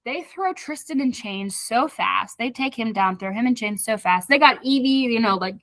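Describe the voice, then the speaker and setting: Podcast co-host, woman, bright and lively, recaps the plot with acted-out quotes; close, dry mic. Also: on the high side, normal speed, no echo. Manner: animated retelling, acting out characters' lines. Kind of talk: casual book club chat.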